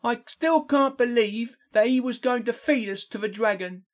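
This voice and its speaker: A man voicing a frank, high-voiced adventuring companion in an audiobook. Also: normal speed. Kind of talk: audiobook character voice.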